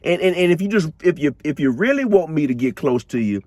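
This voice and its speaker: A man putting on a high voice to play a scheming woman con artist who coaxes and repeats herself. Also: lively intonation, brisk, a little mellow, no echo. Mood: coaxing. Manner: wheedling, coaxing, repeating herself.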